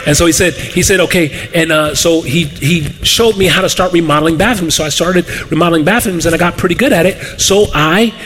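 Animated pastor preaching a story. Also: male voice, on the high side, brisk, hardly any pauses, slight background noise. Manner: animated, acts out quoted voices, laughs often. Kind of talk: sermon storytelling.

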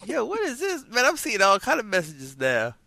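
Very bright, excitable podcast host. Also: male voice, sits high, moderate pace, gravelly, dry recording. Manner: excited, joking reactions. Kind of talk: casual chat.

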